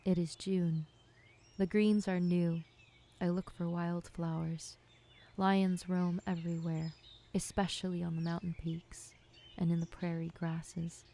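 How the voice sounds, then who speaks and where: Hushed, mellow woman narrating poetry. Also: lowish voice, flat delivery. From United States. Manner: slow, measured, hushed, with occasional whispers. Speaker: filmmaker narrating her own work. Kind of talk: poetic scripted narration.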